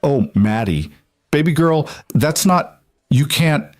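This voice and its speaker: A man's voice: on the high side, very animated, slow, darkish tone, no room sound, studio quality, voice pushed up. A man voicing a frightened, tender young single father in a storybook, talking tight and urgent. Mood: anguished.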